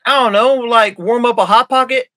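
A man's voice: very high-pitched, fairly even intonation, moderate pace, bright, forceful tone. A young man co-hosting a casual comedy podcast, joking crudely and acting out movie scenes in silly voices. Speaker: podcast co-host.

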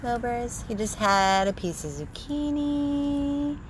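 A woman hosting a casual live stream from her dog rescue, using gentle baby talk with her dog and chatting with viewers. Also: on the high side, lively intonation, takes it slowly, a little hiss or hum. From Florida. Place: home with dogs, indoors and out.

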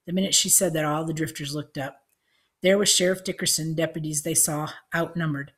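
A woman reading an audiobook, narrating with measured storytelling. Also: low voice, steady tone, fairly bright tone, husky.

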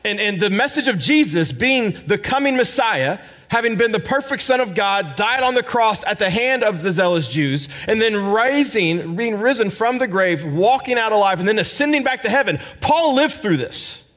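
A male pastor delivering a sermon with a high, lively voice that climbs and plunges. He moves between ringing emphasis and quiet, low asides. Now and then he repeats a word as he feels for the next phrase. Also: moderate pace. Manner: dramatic preaching, swinging between loud emphasis and hushed, low asides; repeats words when searching for phrasing. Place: church service with a responding congregation.

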